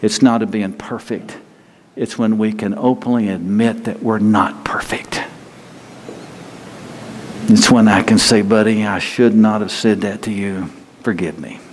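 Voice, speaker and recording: A man's voice: lowish voice, a little mellow. A man preaching a sermon in a folksy, conversational way, acting out quotes of the people he talks about. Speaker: pastor. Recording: long hall reverb, faint ambient noise.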